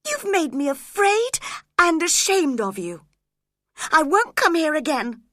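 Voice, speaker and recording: A woman voicing a polite, gentle young gentleman who sounds hurt and ashamed. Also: sits high, sing-song, measured pace, dry recording, studio quality, voice pushed up, full character voice.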